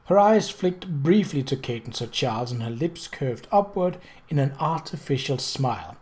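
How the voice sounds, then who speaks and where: A woman narrating a novel in a measured, even reading voice. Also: extremely low pitch. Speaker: audiobook reader. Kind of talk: storybook narration.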